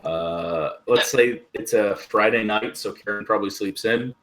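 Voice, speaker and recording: A man running a tabletop role-playing game as game master, talking slowly with many ums and pauses. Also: on the low side, a bit bright. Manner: slow, hesitant, many ums and uhs. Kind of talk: narrating a tabletop game over voice chat.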